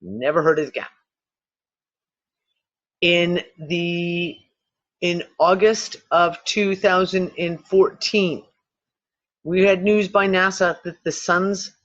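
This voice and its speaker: A man with a notably high voice talks through a speculative theory in a loose, meandering way, restarting sentences and swearing offhandedly. The sound is dull and lo-fi, with the top end muffled. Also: steady tone, takes it slowly, pauses often, a bit bright. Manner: rambling, swears casually, thinks aloud with restarts. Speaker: podcast host. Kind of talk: casual speculative talk. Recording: dull lo-fi recording.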